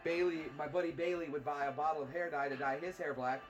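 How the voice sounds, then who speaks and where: A man's voice: fairly high pitch, fairly even intonation, quick pace. A man hosting a let's play, chatting casually and rambling through stories while laughing at himself. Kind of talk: casual chat over gameplay. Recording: loud game music behind.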